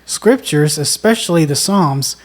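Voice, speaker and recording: A woman co-hosting a songwriting lesson, explaining in a measured, deliberate way. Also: low voice, animated. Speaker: songwriting co-host. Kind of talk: instructional conversation.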